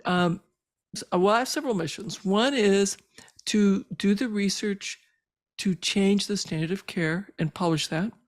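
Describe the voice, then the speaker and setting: Appearing as a podcast guest, a physician who is an older woman recounts her own story in a mid-range voice. Her delivery is sincere but hesitant, with many fillers, and she's visibly moved when revisiting key moments.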